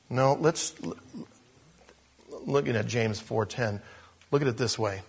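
A man preaching a sermon, animated, moving between loud emphatic lines and low, slow ones. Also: creaky, husky.

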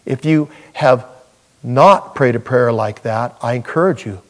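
A man's voice: medium pitch, measured pace, a bit bright. A man preaching a sermon as pastor in a church, earnest and folksy with touches of humor.

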